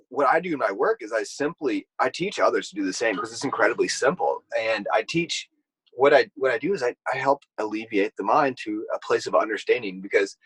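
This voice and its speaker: A man's voice: on the low side, a bit bright, slightly rough, dry recording, rough recording. A man who is a mentor and speaker, talking as a podcast guest in a reflective way and laughing often. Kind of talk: casual conversation.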